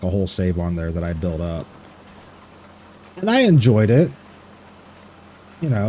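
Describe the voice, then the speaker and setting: Man, game streamer, casual chatter, mellow warm voice, swears freely, laughs easily. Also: fairly low pitch, a little hiss or hum. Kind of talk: casual live-stream chat, reading chat aloud.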